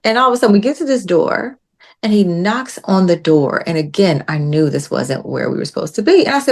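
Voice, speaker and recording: A woman guest on a podcast, telling a story in casual chat and acting out the quotes with lively jumps in her voice. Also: mid-range voice, a little fast, creaky. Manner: animated retelling with acted-out quotes.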